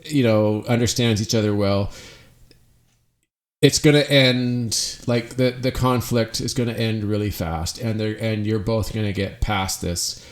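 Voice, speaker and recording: A man's voice: lowish voice, steady tone, a little slow. A middle-aged man hosting a solo podcast, talking in an earnest, reflective way and often restarting his phrases. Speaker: podcast host.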